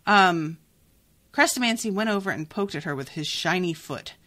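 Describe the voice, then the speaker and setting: A woman hosting a podcast, chatting casually and reacting to a book in an animated, exasperated way, swearing freely. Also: on the low side, moderate pace. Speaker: podcast host.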